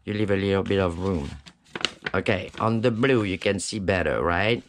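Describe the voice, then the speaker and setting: A man's voice: low-pitched, moderate pace, slight background noise. A man hosting a casual step-by-step craft tutorial. He talks while he works and keeps checking in with the viewer, asking "right?" and "okay?". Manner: chatty, reassuring teacher talking while working with his hands.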